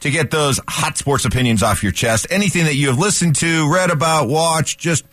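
A man's voice: a little high, moderate pace, fairly bright tone, dry recording. A man hosting a sports radio show, joking and laughing often in casual banter. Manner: jokey, laughs often, playful.

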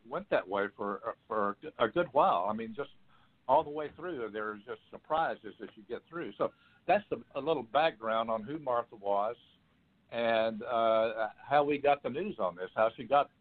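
Older male guest, halting storyteller, thin phone-line sound. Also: medium pitch. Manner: halting, with many restarts and fillers. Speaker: author and guest. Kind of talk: personal storytelling in an interview.

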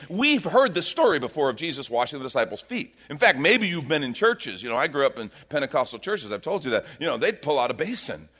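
A middle-aged male pastor delivering a sermon with a bright, forceful edge to his voice. His pitch swings widely as he preaches, rising and dropping through every phrase. He talks to the congregation in a conversational way and acts out the people he quotes.

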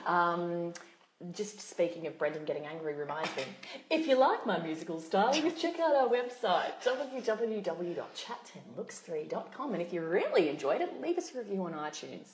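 A woman's voice: on the low side, very animated, normal speed, a little hiss or hum. A woman co-hosting a chat podcast, singing rewritten song lyrics and giggling through them. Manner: giggly, breaking into laughter mid-line. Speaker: podcast co-host. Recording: roomy echo with loud music.

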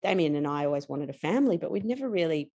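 An Australian woman in her forties with a notably low voice speaks as a podcast guest. She tells personal stories openly and with energy, laughing often and slipping into the voices of people she quotes. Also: expressive, quick pace, dark tone, breathy edge. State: tired. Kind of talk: candid personal storytelling.

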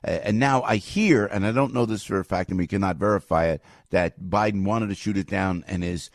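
A man hosting a morning radio talk show, talking in a casual, opinionated way, excitable and jokey, often jumping loud and high. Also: brisk, no room sound, studio quality. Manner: animated, excitable, jokey, swings loud and quiet.

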